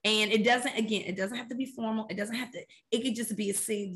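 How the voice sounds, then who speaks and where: A woman's voice: fairly high pitch, fairly even intonation, quick pace, a bit bright, a little hiss or hum. A woman co-hosting a faith podcast, talking about prayer in an earnest, conversational and emphatic way. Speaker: podcast co-host.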